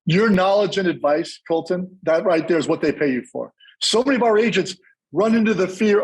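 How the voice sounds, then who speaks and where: A man in his fifties hosts a podcast in a high, light voice. He sounds emphatic and says his main points twice to drive them home. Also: lively intonation, brisk, a little mellow, poor audio. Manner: emphatic, repeats key lines. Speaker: podcast host. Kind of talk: podcast interview hosting.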